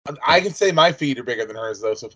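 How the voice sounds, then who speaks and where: A man's voice: fairly high pitch, expressive, normal speed, bright, forceful tone. A man co-hosting a TV recap podcast in casual chat, joking around and mangling names. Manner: jokey, playfully mangling names. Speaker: podcast co-host. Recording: muffled lo-fi audio.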